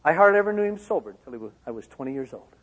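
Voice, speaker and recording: A man from Michigan giving a personal testimony to an auditorium, swinging from loud outbursts to hushed lines. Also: fairly high pitch, very animated, very fast, highs cut off. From Michigan, USA. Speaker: speaker. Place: large auditorium. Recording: long hall reverb.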